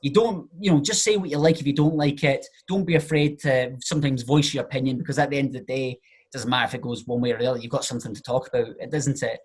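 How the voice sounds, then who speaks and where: A man with a slightly husky voice talks in a relaxed podcast chat. He explains his points with everyday examples and keeps things loose and conversational. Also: mid-range voice, fast. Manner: chatty, explaining with examples and filler phrases. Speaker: podcast guest, charisma coach.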